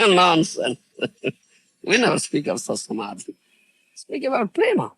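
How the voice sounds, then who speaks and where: Speaking slowly, this man's voice sits high and swoops wildly in pitch, bright and forceful. As a spiritual teacher giving a devotional talk, he hammers points home, repeats phrases, laughs, and keeps checking whether listeners understand.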